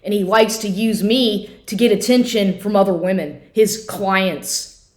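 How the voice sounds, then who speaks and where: A woman's voice: mid-range voice, unhurried, roomy sound. A woman telling a personal story in a casual rant, swearing often and restarting her sentences, recorded at home at her computer. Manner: profane, agitated, restarts often. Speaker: vlogger.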